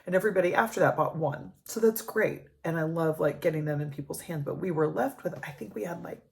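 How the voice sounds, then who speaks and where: A woman's voice: sits low, quick pace, vocal fry, a little mellow. A woman in her thirties, a life coach, speaking earnestly and emotionally in a personal vlog. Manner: earnest, emotional, talks with emphasis.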